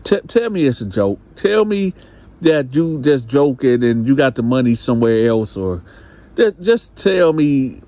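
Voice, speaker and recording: A man playing a heartbroken trucker husband, pleading in halting words. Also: medium pitch, very animated, dark tone, voice pushed up. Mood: pleading, despairing.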